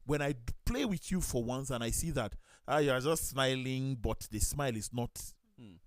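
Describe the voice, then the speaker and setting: Lively Nigerian man telling stories. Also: medium pitch, moderate pace, no echo. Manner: storytelling, acts out quoted voices, lively. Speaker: talk show host and pastor. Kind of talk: studio talk show chat, telling anecdotes.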